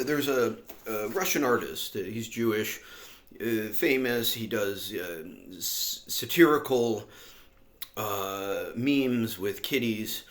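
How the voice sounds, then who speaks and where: A man's voice: mid-range voice, fairly bright tone, echoey room. A man vlogging in a rambling, sardonic monologue full of fillers and asides. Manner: sardonic, filler-heavy, meandering.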